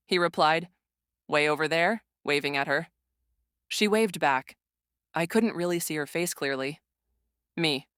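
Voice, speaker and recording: A woman's voice: sits low, a little slow, long pauses, clear, resonant tone, no echo, studio quality. A woman narrating a first-person story, reading every character's dialogue and naming each speaker as she goes. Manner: reads all characters' dialogue in one flat voice, tags speakers.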